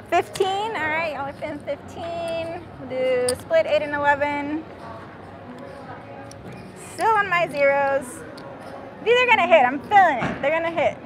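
Woman gambling vlogger, very high voice, unhurried, giggly, noisy casino floor. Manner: giggly, excitable, cheering. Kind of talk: live table-game commentary. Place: casino table.

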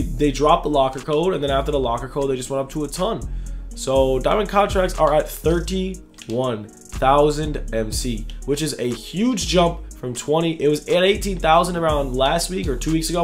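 Young male gaming YouTuber, slightly high voice, loose slangy commentary, faint music underneath. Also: animated, normal speed. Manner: casual, slangy, thinking aloud. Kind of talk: casual gameplay commentary.

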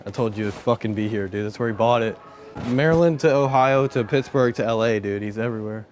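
A man's voice: lowish voice, brisk, noisy background. A young man vlogging in casual chat, joking and swearing in a loose slangy way as he walks around a store and outdoors.

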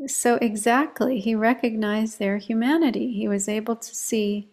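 A meditation teacher, a woman whose voice sits a little high, shares a story during a reflective conversation about meditation. Her delivery is calm and measured.

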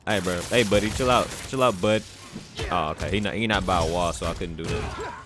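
A man giving loud, excitable commentary while playing a video game, trash-talking the characters on screen. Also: sits low. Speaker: gameplay commentator. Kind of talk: casual let's-play commentary.

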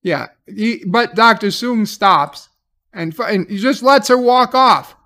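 A man with a noticeably high-pitched voice runs through a TV episode in loose, conversational recap. His tone is sarcastic and he swears freely while paraphrasing what the characters do. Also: lively intonation, takes it slowly, pushed and bright. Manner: profane, sarcastic paraphrasing of scenes. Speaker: TV episode reviewer. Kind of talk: casual spoken episode recap.

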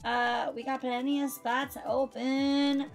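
A woman's voice: high voice, level tone, slow pace. A woman streaming a racing game, chatting with friends and viewers in a bubbly, chatty way and laughing often. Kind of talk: live-stream chat while racing. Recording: music playing behind.

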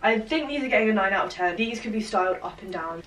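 A woman's voice: mid-range voice, animated, fairly quick, hardly any pauses. Chatty woman vlogging from across a room. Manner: bubbly, chatty, lots of "like" and "literally". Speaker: fashion vlogger. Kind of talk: casual try-on haul chat. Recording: roomy, distant camera audio with light hiss.

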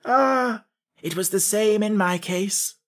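A man's voice: sits high, lively intonation, moderate pace, pitched above the performer's own voice. A man voicing a vain, touchy straw king who lectures in a grand manner, in a storybook audiobook. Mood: lecturing. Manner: grand, lecturing, easily flustered. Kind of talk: audiobook character voice.

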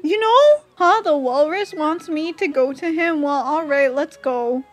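A woman streamer commenting on a video game, excitable and swearing freely. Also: sits high, measured pace. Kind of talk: game let's play commentary.

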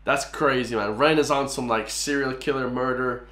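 Irish male reactor, mid-pitched, chatty and excitable, room echo. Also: normal speed. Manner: excitable, keeps saying "man" and "guys". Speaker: music reaction host. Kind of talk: casual reaction commentary.

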